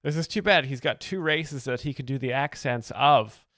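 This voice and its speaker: A male host gives satirical commentary in a deadpan, mock-earnest tone, with plenty of ums and uhs. His voice sits at a middle pitch. The sound is close and dry. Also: normal speed, no echo. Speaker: comedy video host.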